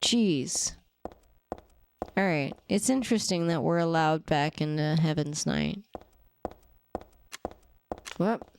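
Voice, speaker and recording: Young woman streamer, casual and rambling, unhurried delivery. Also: deep voice, darkish tone, slight background noise. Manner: rambling, chatty, with many fillers. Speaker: game streamer. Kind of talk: casual gameplay commentary.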